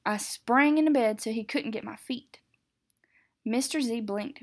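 A woman's voice: on the high side, unhurried. A woman teacher reading a picture book aloud. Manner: expressive, with some self-corrections.

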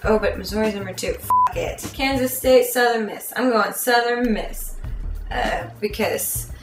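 A woman's voice: on the high side, a little slow, roomy sound, faint music behind. A woman vlogger from near Philadelphia, chatting casually with playful, sarcastic asides. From United States, near Philadelphia. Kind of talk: casual jokey vlog.

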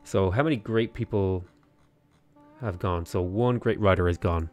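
An Irish man with a low, unhurried voice rambles through casual livestream commentary as he plays a strategy game and reads out viewer comments. His talk is loose and full of "like" fillers and restarts.

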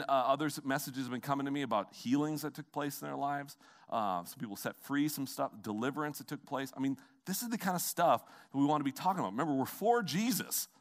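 Animated middle-aged preaching pastor. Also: male voice, mid-range voice. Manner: animated, conversational preaching with asides to the congregation. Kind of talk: sermon. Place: church sanctuary.

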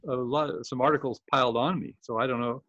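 A man hosts a casual group video call and rambles through his thoughts, often breaking off and restarting mid-sentence. His voice has a middling pitch, and the sound is dry and muffled, with the dull quality of a compressed call. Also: fairly even intonation, quick pace, fairly bright tone, dry recording. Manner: rambling, self-interrupting. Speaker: host and journal editor.

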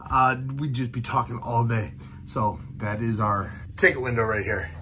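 Man, chatty, excitable, casual vlog, outdoors, faint background noise. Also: medium pitch, moderate pace. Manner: chatty and excitable, swings from loud enthusiasm to quiet mutters. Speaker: vlogger showing his farm and food truck. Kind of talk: casual walk-around vlog. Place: outdoors on a farm with animals.

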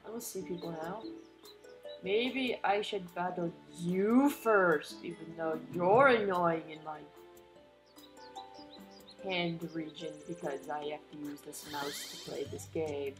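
Slow-talking excitable young woman gamer. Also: lowish voice. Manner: excitable, talks to the cards, groans and cheers at the game. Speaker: gamer playing a card game. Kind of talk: casual let's-play commentary.

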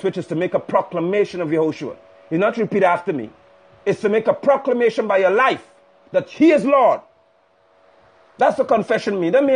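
High-voiced raspy guy preaching hard, fired up, phone stream. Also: animated, brisk, darkish tone. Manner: fiery, impassioned, scolding. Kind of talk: sermon on a livestream. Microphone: phone livestream.

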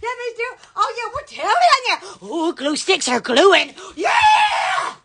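A woman's voice: very high voice, sing-song, moderate pace, creaky, a bit bright, shouting. A woman with a Southern US accent hosting a silly phone livestream, giddy and laughing, full of squeals and exclamations. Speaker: livestream host. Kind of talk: silly livestream chat with face filters. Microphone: phone held close.

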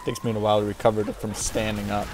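A man doing casual let's-play commentary, excitable and full of yelps and exclamations. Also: fairly low pitch, rapid-fire. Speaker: gameplay commentator.

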